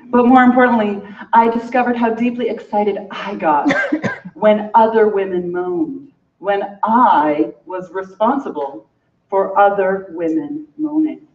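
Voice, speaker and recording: An actress playing a proud, playful, sensual woman in a stage monologue, with slow, savoring delivery, heard from a distance in a large theatre. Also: mid-range voice. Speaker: stage actor. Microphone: distant audience camera. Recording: echoey hall from far off, dull.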